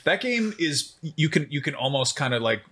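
A man's voice: fairly high pitch, sing-song, moderate pace, pushed and bright, breathy edge. A man hosting a casual podcast chat, rambling and jokey as he talks. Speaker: substitute podcast host.

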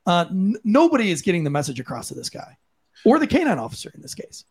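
A man's voice: high voice, wildly swooping pitch, quick pace, slightly rough. Profane, fired-up man ranting. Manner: blunt, profane, impassioned ranting. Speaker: podcast co-host, former police officer. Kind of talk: heated opinion commentary.

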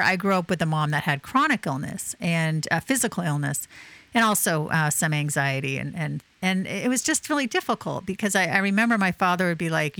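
A woman in her fifties with a bright, crisp tone, hosting an easygoing interview conversation. She is chatty and quick to share her own experiences, and her voice sounds close and dry. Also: fairly low pitch, no echo.

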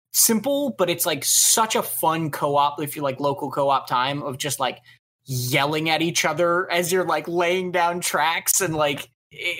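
A man's voice: on the high side, a bit bright. A man co-hosting a casual game podcast, talking in loose, filler-heavy rambles. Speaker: podcast co-host. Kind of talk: casual chat.

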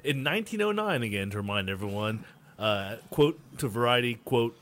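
A man's voice: medium pitch, animated, a little fast, a bit bright. A man co-hosting a podcast in casual chat, bantering with a wry, skeptical tone. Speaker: podcast co-host.

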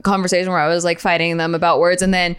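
A woman's voice: lowish voice, little pitch movement, quick pace, clean tone. A woman telling stories in a casual chat, filling her talk with "like" and getting worked up as she goes. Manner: storytelling, heavy use of "like", gets worked up and loud.

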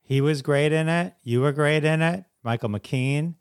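A man's voice: fairly high pitch, unhurried, clear, resonant tone. A man interviewing a guest, speaking casually and enthusiastically, full of praise and fond of "like" as a filler. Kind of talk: interview chat.

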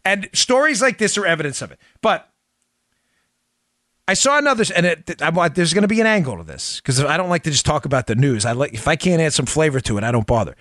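A man hosting a political podcast, talking in an emphatic, animated commentary style and laughing often. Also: on the high side, fast, no echo, studio quality. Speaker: podcast host.

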